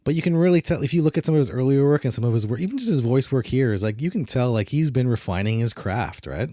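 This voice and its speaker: Mellow-voiced opinionated man, dry sound. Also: medium pitch, animated, quick pace, no echo. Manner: opinionated, rambling, full of restarts. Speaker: podcast co-host. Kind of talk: casual film review chat.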